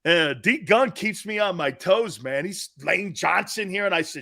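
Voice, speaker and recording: A middle-aged man hosting a live sports talk show, joking loudly, reading out comments and jumping between topics. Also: high-pitched, expressive, unhurried, vocal fry, few pauses. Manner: loud, joking, jumps between topics, often raises his voice.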